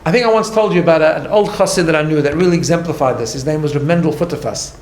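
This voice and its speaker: This rabbi's voice sits fairly high but has a darkish tone, and he delivers his informal study-hall class in rapid-fire fashion. Conversational yet emphatic, he keeps restarting sentences and asking "right?" A faint hum runs beneath the echoey room sound.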